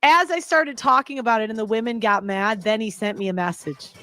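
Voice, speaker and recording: A woman's voice: on the high side, a little fast, bright, forceful tone, slight background noise. A woman speaking as a panel guest in a heated discussion, exasperated and defensive.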